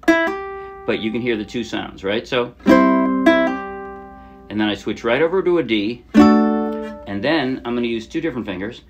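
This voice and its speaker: A man teaching a ukulele song in a casual, chatty way, often trailing off softly and poking fun at himself. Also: mid-range voice, animated, unhurried, long pauses, muffled recording, over loud music. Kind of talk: casual tutorial explanation. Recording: loud ukulele playing under the voice. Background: ukulele strumming.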